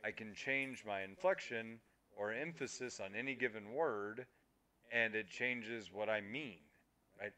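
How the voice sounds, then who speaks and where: Man, podcast co-host, bright tone, lower pitch, emphatic explainer, casual chat. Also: a little slow. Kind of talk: casual gaming podcast discussion. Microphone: streaming microphone.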